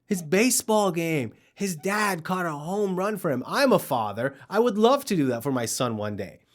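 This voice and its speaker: A man's voice: high voice, a bit bright. A man hosting a comedy news show, telling a story with sarcasm and mockery. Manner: sarcastic, mocking, acts out characters.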